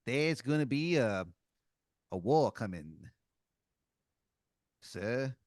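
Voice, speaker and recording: A man voicing a brash male Jack of Diamonds playing card with a put-on Australian accent and gruff, clipped talk. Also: medium pitch, lively intonation, extremely slow, darkish tone, no echo, clean studio sound. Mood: menacing.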